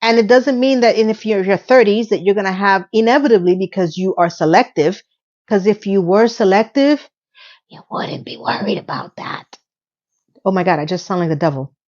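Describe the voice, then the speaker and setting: A woman host giving a casual episode recap, chatty and sassy, with playful asides and quick self-corrections. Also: medium pitch, a little mellow, highs cut off. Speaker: video host.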